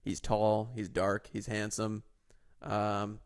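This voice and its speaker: A man's voice: fairly low pitch, completely flat delivery, takes it slowly, smooth. A young man co-hosting a podcast in casual chat, teasing and sarcastic with a mock-serious edge. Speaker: podcast co-host.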